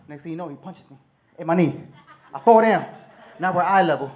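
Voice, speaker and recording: Lively, high-voiced man doing stand-up. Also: quick pace, long pauses. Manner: animated, profane, acting out voices. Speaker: stand-up comedian. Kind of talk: stand-up comedy storytelling. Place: comedy show stage.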